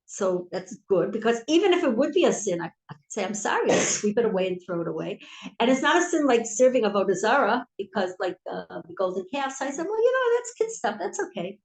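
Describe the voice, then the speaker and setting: A woman leading an informal Torah class, telling stories and swinging between soft asides and emphatic lines. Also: mid-range voice, very animated, fast. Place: historic synagogue hall. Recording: echoey room.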